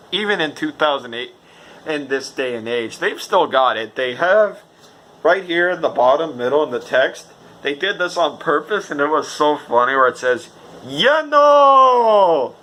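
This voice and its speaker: A man giving a casual, rambling video game review, excitable and swearing freely. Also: a little high, normal speed, rough recording.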